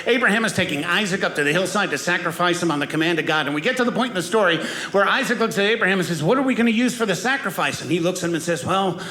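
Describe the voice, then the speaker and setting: High-voiced male stand-up comedian. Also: racing. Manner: acts out voices in his stories. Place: comedy stage with live audience. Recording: echoey venue with loud audience laughter.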